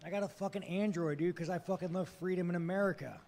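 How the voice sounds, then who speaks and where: A fighter answering reporters at a press conference, brash and joking, swearing constantly. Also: male voice, high-pitched, fairly even intonation, fast, a little mellow, slight background noise. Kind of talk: profane casual press talk.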